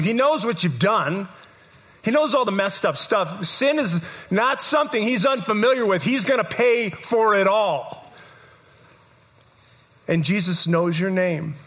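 A man preaching a live sermon to a congregation, emphatic and repetitive, building to shouts. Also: high-pitched, slightly rough. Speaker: pastor. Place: church service, in front of a congregation.

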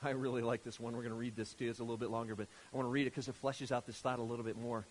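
A man preaching a sermon from scripture, animated and emphatic, firing rhetorical questions at his listeners. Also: medium pitch, rapid-fire, a little hiss or hum.

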